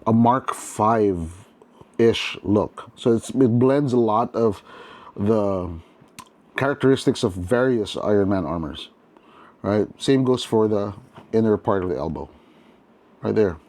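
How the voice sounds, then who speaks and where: A man's voice: lowish voice, slow, long pauses, a little mellow. A man hosting a casual toy unboxing review, chatty and enthusiastic, talking straight to his viewers with frequent restarts.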